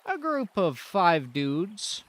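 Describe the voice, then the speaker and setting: Brief: Canadian man GM-ing a role-play, lively up-and-down pitch, relaxed slow pacing. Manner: laid-back, unhurried narration with fillers. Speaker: game master and streamer. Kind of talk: narrating a role-play stream.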